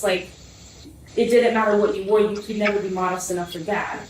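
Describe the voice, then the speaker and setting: A woman's voice: medium pitch, fairly even intonation, fairly quick. Young woman, roomy and distant. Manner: rambling, many fillers and restarts. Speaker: guest telling family story. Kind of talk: personal testimony. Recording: roomy, distant from the mic, faint noise.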